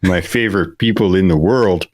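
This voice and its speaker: A man's voice: sits low, normal speed, darkish tone, close to an everyday voice. A man putting on a voice as a friendly, folksy Midwestern man, chatty and easygoing.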